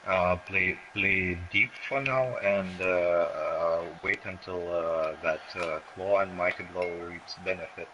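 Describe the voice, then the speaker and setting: Slow, deep-voiced, hesitant male co-commentator. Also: dull audio, noisy background. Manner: hesitant, many fillers. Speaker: game co-commentator. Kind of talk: video game match commentary.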